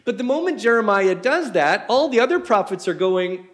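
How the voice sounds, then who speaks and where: A man's voice: high voice, animated, normal speed, fairly bright tone. A man preaching a sermon in a conversational way, asking his listeners many rhetorical questions.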